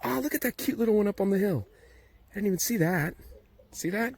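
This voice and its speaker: A man's voice: high voice, animated, brisk, a little mellow. A man narrating a casual travel vlog while walking up a steep road outdoors, thinking aloud and out of breath. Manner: chatty, thinking aloud while hiking uphill. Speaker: travel vlogger. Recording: outdoor ambience and background noise.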